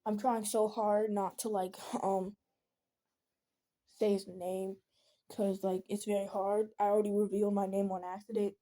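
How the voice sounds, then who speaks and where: A woman's voice: mid-range voice, little pitch movement, normal speed, dark tone. A teenage girl venting in a casual monologue, earnest and rambling, often pleading. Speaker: vlogger.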